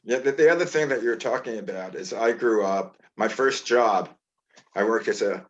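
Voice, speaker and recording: A man's voice: lowish voice, normal speed, dull audio. An older man hosting an interview, sharing rambling anecdotes from his past work. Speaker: interview host. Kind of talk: casual interview chat.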